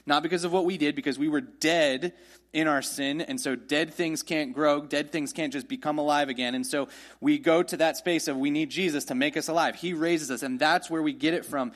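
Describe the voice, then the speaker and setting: A man's voice: on the high side, fairly bright tone. Conversational male pastor preaching. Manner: conversational, asks the listeners rhetorical questions; reads scripture aloud slowly. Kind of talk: sermon.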